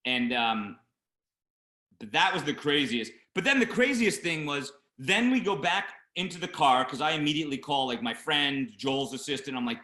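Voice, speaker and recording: A man, a film producer, telling a long story as an interview guest, acting out shouted lines of the people in it. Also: fairly high pitch, normal speed, roomy sound. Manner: animated anecdote teller, acts out shouting voices. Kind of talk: casual storytelling.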